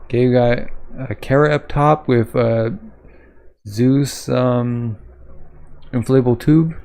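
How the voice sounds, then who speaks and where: A man talking at an unhurried pace in a relaxed, mellow voice. He reads aloud and comments casually for a reaction video, filling his pauses with ums while he hunts for names. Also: medium pitch, creaky, smooth. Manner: hesitant, searching for names with frequent ums. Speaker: manga reaction host.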